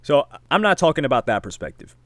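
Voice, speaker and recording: A man hosting a casual commentary video, reading out social media posts and reacting with lively emphasis. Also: medium pitch, quick pace, no echo. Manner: animated, reads quotes aloud with emphasis. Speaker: commentary channel host.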